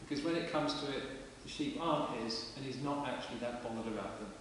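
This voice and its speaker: A man's voice: mid-range voice, fast, a bit bright. Man, conversational sermon, long church reverb, faint hiss. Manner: conversational, plain-spoken preaching. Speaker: vicar. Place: large stone parish church. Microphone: distant camera mic. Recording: echoey church from far off with hiss.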